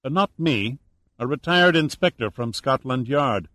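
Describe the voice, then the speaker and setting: A man's voice: medium pitch, expressive, unhurried, a bit bright, no room sound. Guy doing a sure-of-himself investigator, matter-of-fact, dry close audiobook sound.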